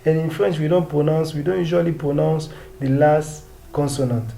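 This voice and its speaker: A man's voice: fairly high pitch, fairly even intonation, normal speed, creaky, dark tone, low-quality recording. A man with a Nigerian English accent teaching French pronunciation, patiently drilling words and asking rhetorical questions. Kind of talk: pronunciation lesson.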